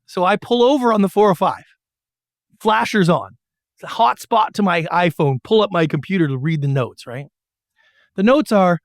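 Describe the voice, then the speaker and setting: A man's voice: high voice, normal speed, no room sound, studio quality. A middle-aged man telling stories in an interview about his years as a TV producer and slipping into voices to act out what people said. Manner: animated storyteller who acts out quotes. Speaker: guest, former TV producer. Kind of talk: storytelling interview.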